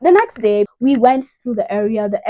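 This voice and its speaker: A woman's voice: fairly high pitch, lively intonation, normal speed, warm tone, dry recording, dull audio. A young woman from Kenya, telling a personal story in a rambling, casual way full of "you know". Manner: rambling, lots of "you know", emotional retelling. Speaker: vlogger.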